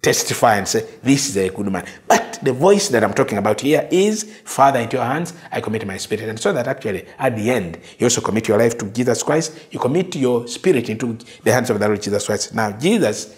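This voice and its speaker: A man preaching a sermon, slow and emphatic, repeating phrases and dropping to soft quotes. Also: mid-range voice, animated.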